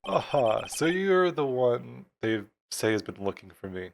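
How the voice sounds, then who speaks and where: A man voicing a pompous, evasive older male lawyer in a slow, self-important low voice, over game music. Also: big pitch swings, creaky.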